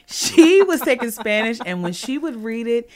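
A young Californian woman hosts a casual podcast chat at normal speed. She's sassy and animated, laughs often, and swings between loud claims and low asides.

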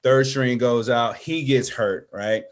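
A middle-aged man telling a story as an interview guest, animated and acting out friends' voices. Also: mid-range voice, slow.

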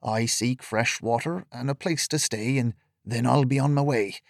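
A man voicing a polite male traveller who speaks softly and courteously. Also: mid-range voice, moderate pace, no room sound, studio quality, close to an everyday voice. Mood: apologetic. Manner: soft, hushed and courteous.

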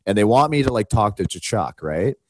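Man, podcast co-host, casual storytelling, lively pitch swings, casual swearing, lowish voice, dry close sound. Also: a little fast, no echo. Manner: animated, swings his pitch widely when retelling. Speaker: podcast co-host and hockey broadcaster.

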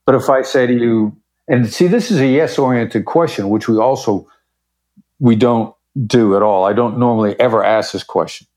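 This podcast guest, a negotiation expert, has a mid-range male voice with a darkish tone and a moderate pace. Speaking confidently and with emphasis in a conversational interview, he acts out short examples to illustrate his points.

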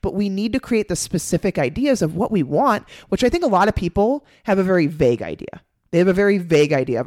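A woman's voice: lowish voice, expressive, fast, darkish tone, dry recording, studio quality. A woman co-hosting a podcast as a fitness coach, chatty and encouraging. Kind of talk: casual podcast chat.

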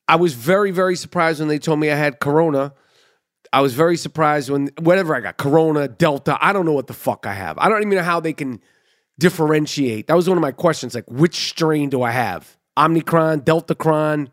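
A man's voice: fairly high pitch, no room sound. Male podcast host, casual and profane, acts out every quote, dry close sound. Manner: profane, animated retelling with quoted dialogue. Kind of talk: casual storytelling monologue.

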